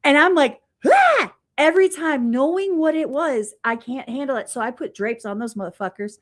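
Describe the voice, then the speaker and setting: A woman chatting casually, telling animated stories and swearing freely. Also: high voice, fairly quick. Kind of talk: casual chat.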